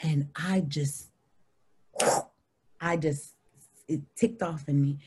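A woman in her thirties, a podcast guest telling a story in an animated way, acting out the people she quotes. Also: slow pace, husky. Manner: animated, acts out quoted people in high voices.

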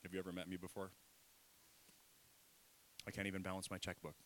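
A middle-aged man preaching a sermon in a church, lively and self-deprecating, leading the congregation in call-and-response. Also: low voice, brisk, a little hiss or hum. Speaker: pastor. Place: church sanctuary.

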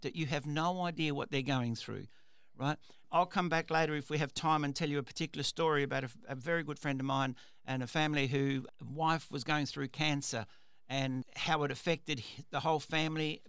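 A man's voice: fairly high pitch, fairly bright tone, smooth, no room sound. A man hosting a radio talk show, telling a story in a rambling way, with repeated words and restarts. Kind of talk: casual storytelling monologue.

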